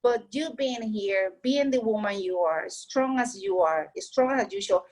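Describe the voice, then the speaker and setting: A woman's voice: mid-range voice, unhurried, darkish tone, low-quality recording. A woman whose first language is Spanish, giving heartfelt, earnest advice in a casual way and repeating her points to encourage the listener.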